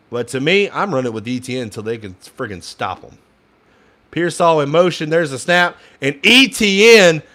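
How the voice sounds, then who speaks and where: A man's voice: mid-range voice, a bit bright. A young man giving casual fan play-by-play commentary, frustrated and ranting at the play calling, sometimes swearing.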